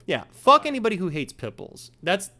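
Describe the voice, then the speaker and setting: Profane, animated man telling a story. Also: high voice, fairly quick. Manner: profane, animated, acts out quotes. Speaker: podcast host. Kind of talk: casual chat, storytelling.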